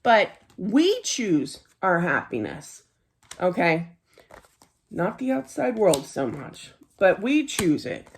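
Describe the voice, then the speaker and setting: A woman's voice: fairly low pitch, very animated, takes it slowly, a little hiss or hum. A middle-aged woman giving a casual tarot reading in a chatty, earnest way, laughing easily and often saying "you know.". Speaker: tarot card reader.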